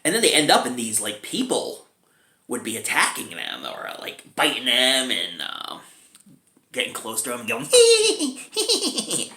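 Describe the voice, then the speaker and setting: A man's voice: medium pitch, sing-song, moderate pace, creaky, bright, forceful tone, roomy sound. A man giving a casual, chatty film review, chuckling often between remarks.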